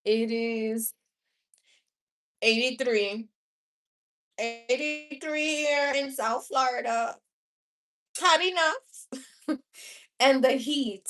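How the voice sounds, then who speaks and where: A woman's voice: mid-range voice, a bit bright. A woman in her thirties with a New York accent, chatting casually with viewers on a live stream, laughing often and wandering into asides. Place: home room.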